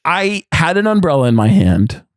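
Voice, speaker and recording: A young man co-hosting a podcast, telling stories in a loud, profane, ranting way. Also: fairly high pitch, sing-song, moderate pace, no echo, clean studio sound. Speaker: podcast co-host. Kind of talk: casual chat.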